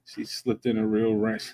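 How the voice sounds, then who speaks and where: A man with a fairly low voice chats casually on a livestream, cracking jokes and chuckling as he goes. The sound is close and dry. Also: steady tone, unhurried, mellow, no room sound, rough recording.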